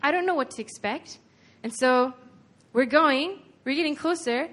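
Woman preacher, slightly high voice, casual and earnest, chatty sermon delivery. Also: normal speed, a bit bright. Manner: conversational, earnest, retelling scripture with frequent "like".

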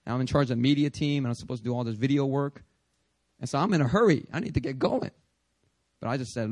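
Guy preaching, animated storytelling, fairly high voice, dry close sound. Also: fast, no echo. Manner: animated storytelling, acts out his own prayers. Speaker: pastor. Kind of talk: sermon.

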